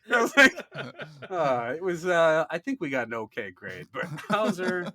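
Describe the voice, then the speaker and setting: A man's voice: fairly high pitch, sing-song, moderate pace, bright, forceful tone. A young man co-hosting a podcast, telling a story in casual chat and laughing often. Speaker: podcast co-host.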